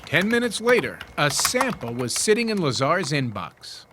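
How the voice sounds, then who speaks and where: A man reporting a scripted television news story in a measured, lively reporter's delivery. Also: a little high, noisy background. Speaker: news correspondent.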